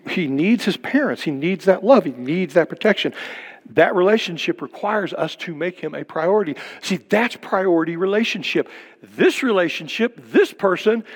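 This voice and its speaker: An older male pastor preaching with a fairly high voice, asking question after question and then sinking to a near-whisper for emphasis. His sermon rings out with a long reverb, as if recorded in a church sanctuary. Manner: emphatic preaching with rhetorical questions and sudden drops to a hush.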